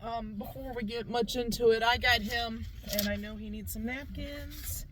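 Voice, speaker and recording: Chatty high-voiced woman vlogger. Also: steady tone, normal speed, fairly bright tone, a little hiss or hum, poor audio. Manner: chatty, upbeat, keeps calling the viewers "guys". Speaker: vlog host. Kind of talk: casual food review chat. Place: inside a parked car.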